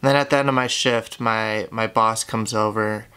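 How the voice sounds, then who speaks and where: A young man telling his own story to the camera, candid and halting, with lots of fillers and swearing. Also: lowish voice, fairly even intonation, pushed and bright, smooth. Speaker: YouTuber. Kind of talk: confessional storytelling.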